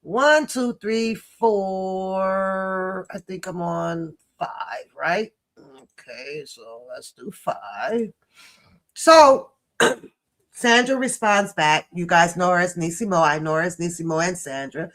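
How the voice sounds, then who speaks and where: A woman hosting a commentary channel, reading text messages aloud and reacting in an emphatic, sassy way with loud outbursts. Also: on the low side, animated, slow pace.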